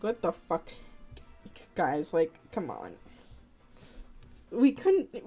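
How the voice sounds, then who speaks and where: A woman's voice: medium pitch, warm tone. A woman streamer chatting casually on a live stream, rambling, swearing freely and laughing often.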